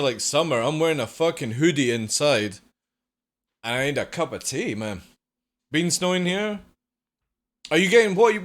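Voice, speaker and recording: A man streaming live from home, chatting casually with viewers and swearing now and then. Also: medium pitch.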